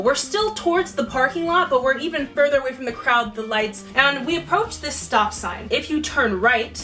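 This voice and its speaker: A young woman vlogger telling a personal story in a lively, slangy way. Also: on the high side, distant mic. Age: young adult. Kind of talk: storytime vlog. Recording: voice a bit off-mic with faint music.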